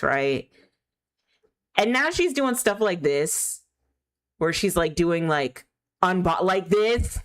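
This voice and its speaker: A woman streaming live, talking in a rambling, candid, opinionated way, full of filler words. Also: fairly low pitch. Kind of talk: casual chat while gaming.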